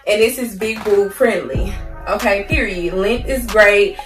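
A young woman with a mid-range voice and measured pace playfully chats about clothes she bought, using slang and calling her viewers y'all. It's a casual haul vlog recorded with a roomy sound, a distant mic, and soft music playing.

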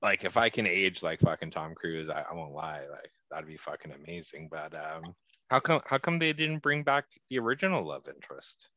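A man's voice: deep voice, lively intonation, normal speed, sharp tone, dry recording, highs cut off. A man co-hosting a casual movie podcast who jokes and laughs often. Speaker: podcast co-host. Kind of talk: casual chat.

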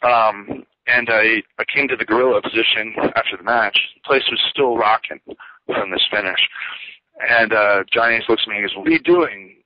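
A man's voice: lowish voice, steady tone, moderate pace. A former pro wrestler, a man, giving a candid, rambling account of his career as an interview guest. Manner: rambling, many fillers and asides. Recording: dull dry lo-fi audio.

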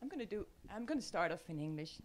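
A woman with a Dutch accent speaking to an audience on a panel, earnest and emotional, with pauses. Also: on the low side, very animated, slight background noise. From Netherlands. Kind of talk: emotional public talk. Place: room with audience.

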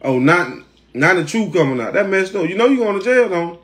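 A man's voice: sits high, big pitch swings, brisk, fairly bright tone. A man, teasing a family member in casual vlog banter. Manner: teasing, drawling Southern slang.

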